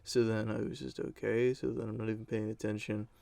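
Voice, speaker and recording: A young man with a low, gravelly voice tells a school story in a loose, rambling way, swearing freely and using plenty of fillers. His tone is dark and mellow, and the recording is dry and close. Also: little pitch movement, fast, dry recording. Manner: rambling, profane, lots of fillers. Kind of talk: casual storytime.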